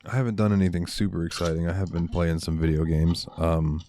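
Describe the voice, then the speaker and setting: Low-voiced rambling podcast guy. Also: level tone, brisk, warm tone, slight background noise. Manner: rambling storyteller, lots of ums and likes. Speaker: podcast co-host. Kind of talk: casual chat.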